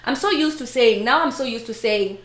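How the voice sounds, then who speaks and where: Lively high-voiced woman chatting. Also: fairly quick. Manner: animated storytelling, acts out quoted voices. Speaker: live stream host. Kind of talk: casual chat. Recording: roomy echo.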